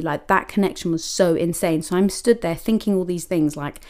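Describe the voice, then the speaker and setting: A young woman hosting a podcast, telling a personal story in a lively, chatty way full of "like" and acted-out quotes of herself. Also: lowish voice, a little fast. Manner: animated, many likes and quoted self-talk. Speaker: podcast host.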